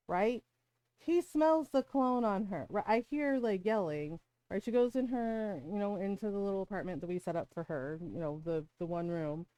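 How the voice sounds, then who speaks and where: A middle-aged woman streamer tells a story in a loose, heated way, swearing freely and asking "right?" again and again. Her voice sits at a middling pitch. It sounds close and dry on a desk mic, with no room sound. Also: expressive, normal speed, warm tone, clean tone, no room sound, low-quality recording. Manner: heated, profane, rhetorical "right?" asides. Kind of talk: casual storytelling while gaming.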